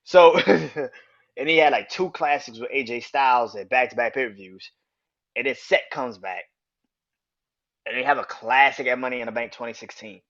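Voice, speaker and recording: A young man hosting a wrestling podcast, ranting casually, swearing freely, getting excited, and laughing often. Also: mid-range voice, normal speed, dull audio. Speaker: podcast host.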